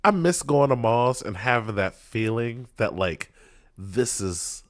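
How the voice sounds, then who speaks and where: A man's voice: mid-range voice, expressive, slow, no echo, studio quality. A man in his thirties hosting a reaction video, talking casually in a rambling, jokey way with lots of fillers. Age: 30s.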